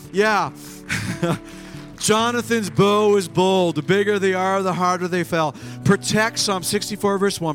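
A man preaching a sermon to a church congregation, animated and acting out scenes with sudden shouts. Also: high-pitched. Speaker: pastor. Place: church with live and online congregation.

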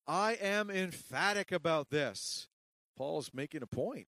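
A man's voice: a little high, lively intonation, slow, no echo. Emphatic preaching man, dry close sound. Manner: dynamic preaching, swings between hushed and emphatic. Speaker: pastor. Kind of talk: sermon.

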